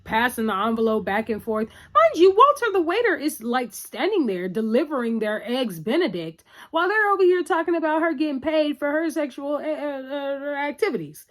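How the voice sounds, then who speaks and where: Woman, chatty TV recap, bright higher voice, lively swooping delivery. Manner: chatty, animated retelling with acted-out quotes. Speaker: TV recap vlogger. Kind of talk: casual episode recap.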